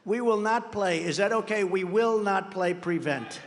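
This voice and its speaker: Older American candidate, raised pitch, rambling rally boasts, long hall echo. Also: male voice, moderate pace, background noise. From United States. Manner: rambling, boastful, bursts of shouting. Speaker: political candidate. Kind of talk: campaign rally speech. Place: large rally venue.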